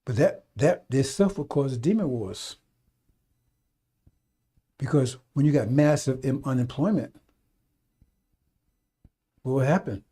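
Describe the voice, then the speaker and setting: Speaking slowly with frequent pauses, this radio preacher has a medium-pitched, mellow voice with a breathy edge, yet stays animated. His unscripted talk rambles and scolds folksily, with the odd mocking impression.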